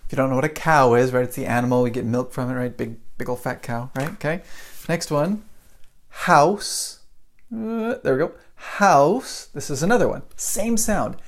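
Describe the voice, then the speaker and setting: A man's voice: mid-range voice, moderate pace. Chatty American male English teacher running a live pronunciation lesson, loose and repetitive. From United States. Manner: chatty, repeats himself, greets viewers mid-lesson.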